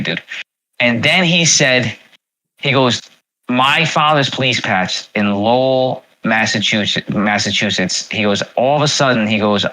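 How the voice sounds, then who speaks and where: A man hosting his own livestream talks in a loose, rambling way, full of fillers, restarts and repeated words. His voice is bright and forward. He sits at a middle pitch for a man. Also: poor audio. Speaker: livestream host. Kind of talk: casual livestream chat.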